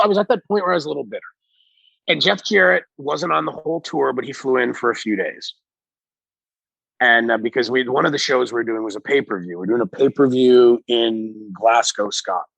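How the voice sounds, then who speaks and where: Gravelly-voiced man telling road stories. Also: mid-range voice, lively intonation, fast, a bit bright, dry recording, low-quality recording. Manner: rambling, frequent restarts, swears freely. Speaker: podcast guest. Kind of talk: casual storytelling.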